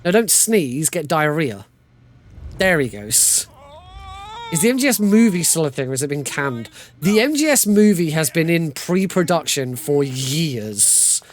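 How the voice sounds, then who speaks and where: A man's voice: fairly high pitch, sing-song, measured pace. A man giving casual, joking live commentary while playing through a video game speedrun. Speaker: speedrunner streamer. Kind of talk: live commentary over gameplay.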